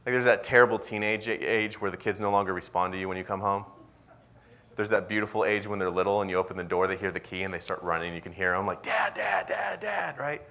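Male pastor, very low voice, sermon delivery moving from loud bursts to hushed whispers. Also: fast. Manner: swings from loud excited bursts to soft whispered intensity.

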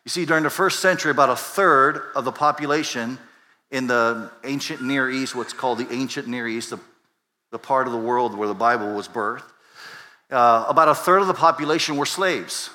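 At a normal speed and medium pitch, a man preaches a sermon from the pulpit as a pastor, sounding bright and forward. He circles back on himself with many restarts and rhetorical questions, his voice trailing a long reverb in the spacious sanctuary.

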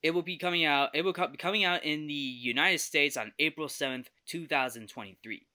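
A man's voice: a little high, fairly quick, pushed and bright. A young man hosting a podcast, chatting casually through a movie trailer review, often correcting himself and laughing easily.

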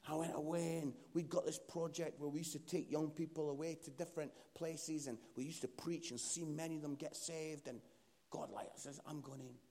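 A Scottish man preaching a sermon in a church, telling a story with lively, acted-out quotes. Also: fairly high pitch, normal speed. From Scotland. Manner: animated storytelling, acts out quotes.

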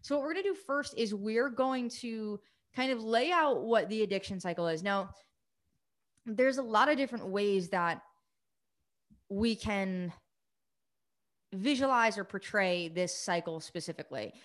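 A woman recovery coach hosting a live coaching session, talking quickly and eagerly, greeting viewers by name. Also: mid-range voice. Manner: fast, excited, energetic delivery.

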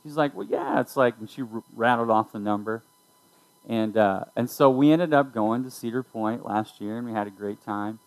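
A man's voice: lowish voice, moderate pace, rough recording. A middle-aged man, a youth pastor, giving a conversational sermon to students, telling a family story and speaking directly to his listeners.

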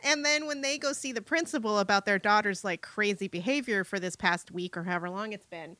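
A woman talks casually through a movie she watched. Her voice is bright and clear, and she laughs often and restarts her sentences. The sound is dry and close, with no room around it. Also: mid-range voice, fairly quick, no echo. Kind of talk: casual chat about a movie.

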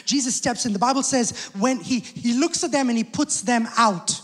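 Male pastor with a very high voice, delivering an emphatic sermon in a big echoing church hall. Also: fairly quick, fairly bright tone. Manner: emphatic preaching with call-outs to the congregation. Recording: long church hall reverb.

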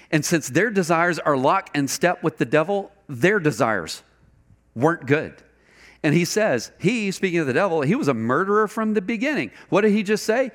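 A man preaching a sermon, animated and conversational, asking the congregation rhetorical questions. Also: high-pitched. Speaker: pastor.

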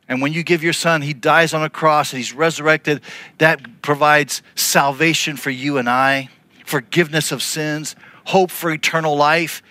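Man preaching, sermon storytelling, acting out quotes, bright high voice, dry close sound. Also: no room sound. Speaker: pastor.

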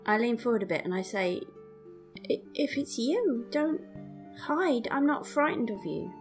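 A woman with a high, very lively voice plays her character in a tabletop game. She is earnest and full of questions, her pitch leaping around as she talks. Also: measured pace, faint music behind. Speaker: player.

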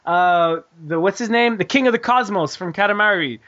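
A man's voice: sits high, moderate pace, fairly bright tone. A man hosting a casual podcast, reading listener emails and joking around with swearing. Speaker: podcast host. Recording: dull lo-fi audio.

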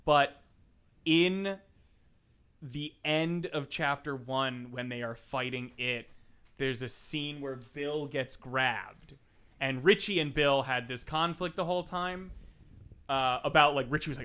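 Bright crisp-voiced podcast host. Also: male voice, medium pitch, slow. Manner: animated, swears a lot, acts out quotes. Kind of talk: casual chat.

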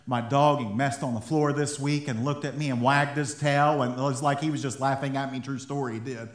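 A man's voice: mid-range voice, fairly even intonation, brisk. Fired-up man preaching in an echoey room. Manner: conversational, quotes people and the devil in asides, builds to fired-up emphasis. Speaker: pastor. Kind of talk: sermon.

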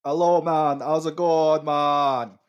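A man putting on an excitable, halting mock-accented guest voice that keeps repeating words. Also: on the high side, clear, resonant tone. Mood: excited. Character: excitable male podcast guest with a fake accent.

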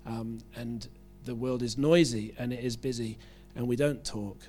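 A British man preaching a sermon to his congregation at a medium pitch. He keeps it chatty and self-deprecating, often stumbling and restarting phrases as he works through a passage. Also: fairly even intonation, moderate pace, darkish tone, soft background music. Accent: British English. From United Kingdom.

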